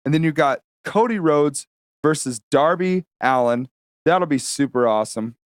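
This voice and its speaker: A man's voice: a little high, expressive, moderate pace, no echo, clean studio sound. A man co-hosting a podcast, talking casually and rambling with plenty of fillers. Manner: rambling, many fillers, swears freely. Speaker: podcast co-host. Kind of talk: casual chat.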